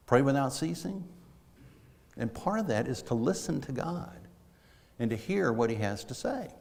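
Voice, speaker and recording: A middle-aged man preaching a conversational sermon, telling stories in a folksy way with frequent restarts. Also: medium pitch. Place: church sanctuary. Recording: long reverb of a church hall.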